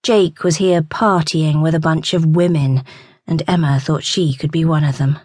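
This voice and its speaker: A woman narrating a romance audiobook in a measured storytelling manner. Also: sits low, fairly even intonation, darkish tone, husky, no echo.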